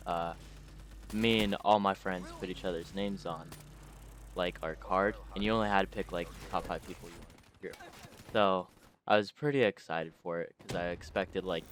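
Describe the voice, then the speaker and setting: A man's voice: deep voice, fairly bright tone, slight background noise. A man casually telling a personal story, rambling with many fillers and restarts.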